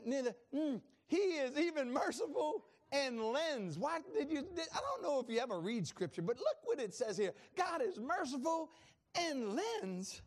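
Male pastor, high-pitched, lively sermon style with call-and-response. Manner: lively, preaching with laughs and call-and-response asides.

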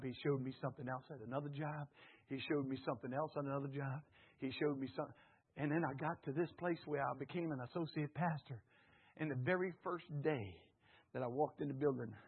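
A man's voice: mid-range voice, husky. A man, an associate pastor, preaching a sermon in a church, telling stories and calling out to the congregation. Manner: storytelling with call-and-response to the congregation. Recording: tinny phone-like sound.

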